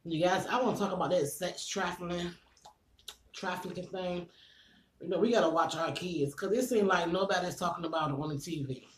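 A man's voice: high-pitched, brisk, reverberant, a little hiss or hum. A man with a stuffy nose chatting casually to viewers while he eats at home, breathing a little hard between bites. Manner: chatty, eating between sentences, addresses viewers as y'all. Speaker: food vlogger. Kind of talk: casual eating vlog chat.

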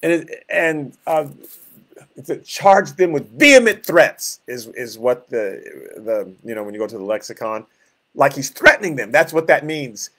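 A pastor leading a Bible study, explaining verses in plain words and acting out scenes with growls and groans. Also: male voice, fairly high pitch, a bit bright.

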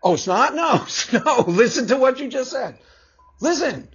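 High-voiced, husky man ranting with profanity. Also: sing-song, normal speed. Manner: swears heavily, laughs often, mocking. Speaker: vlogger. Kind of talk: profane opinion rant. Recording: dull lo-fi recording.

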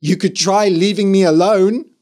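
A man's voice: sits high, steady tone, moderate pace, darkish tone, pitched above the performer's own voice, lightly acted. A man voicing a defiant boy who insists he is evil, stubborn and sarcastic.

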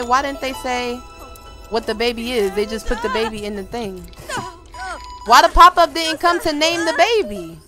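A young woman giving casual gameplay commentary, excitable, with loud outbursts and slang aimed at her viewers. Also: a little high. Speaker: gaming video creator.

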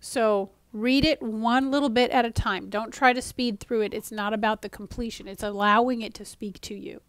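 A woman's voice: a little high, steady tone, moderate pace, no room sound. A woman giving a casual spiritual talk to camera. She is conversational, uses frequent fillers and restarts, and sometimes drops to a near-whisper for emphasis. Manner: mock-exasperated voice when acting out a frustrated reader. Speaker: spiritual teacher. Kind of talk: casual spoken teaching to camera.

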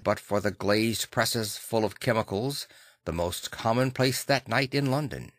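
A man narrating a classic novel audiobook in a measured, dramatic way on a close microphone. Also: fairly low pitch, a bit bright, no echo.

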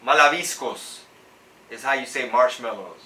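A man's voice: mid-range voice, moderate pace, far from the mic. A man hosting a live stream as a comedian, chatting casually in slang and dropping into Spanish. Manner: slangy, switches into Spanish for bits. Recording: echoey room, voice a bit off-mic, faint noise.

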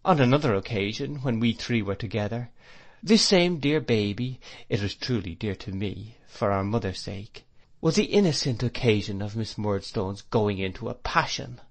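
An adult man narrating a classic novel as an audiobook, measured and expressive. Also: fairly low pitch.

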